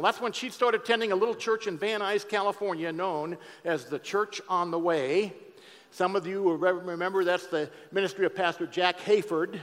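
A middle-aged man giving a sermon-style testimony to an auditorium crowd, talking to them directly and swinging from hushed to loud. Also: sits high. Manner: conversational, addresses audience directly, shifts from hushed to loud. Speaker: speaker giving a testimony talk. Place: large auditorium. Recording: long hall reverb in an auditorium.

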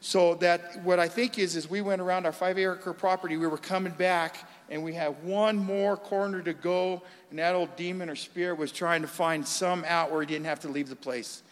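Man, high-pitched, animated storyteller in a reverberant hall, church testimony. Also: normal speed, hardly any pauses. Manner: animated storytelling, acts out voices. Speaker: guest giving testimony.

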